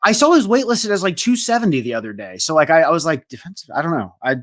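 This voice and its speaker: A man's voice: a little high, very animated, fast talker, a bit bright. A man co-hosting a casual sports podcast, thinking aloud and hesitant. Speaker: podcast co-host.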